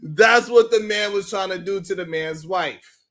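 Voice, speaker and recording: A man's voice: high voice, unhurried, fairly bright tone. A man hosting a live stream, chatting casually, laughing often and greeting viewers by name as he talks.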